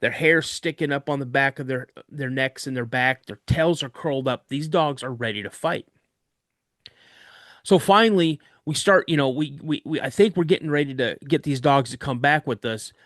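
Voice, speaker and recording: A man's voice: medium pitch, normal speed, a bit bright, no echo, clean studio sound. Man telling a suspenseful true story. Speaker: podcast guest. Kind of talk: recounting a scary true story.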